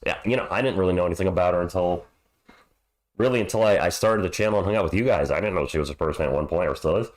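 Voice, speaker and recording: Hoarse male live-stream host, slightly low voice, casual upbeat play-by-play chat. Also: very fast. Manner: upbeat, chatty, greets viewers.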